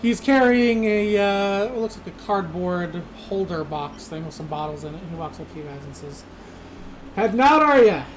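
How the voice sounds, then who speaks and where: Role: game master. Sex: man. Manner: relaxed, filler-heavy narration. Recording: noisy. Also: high-pitched, normal speed, hardly any pauses.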